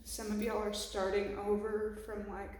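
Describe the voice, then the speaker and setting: A woman's voice: medium pitch, completely flat delivery, normal speed, a little mellow, a little hiss or hum. Lady doing a tarot reading, gets emotional, cusses a lot, super echoey room. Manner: emotional, swearing freely, reflective. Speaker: tarot reader.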